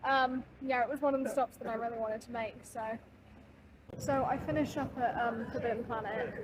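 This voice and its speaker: A woman's voice: on the high side, fairly even intonation, moderate pace. A young woman, chatting casually and laughing at herself while vlogging a trip on her phone. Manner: chatty, giggly, self-deprecating. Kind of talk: casual travel vlog. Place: train, busy streets and hotel room. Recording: noisy street and train background.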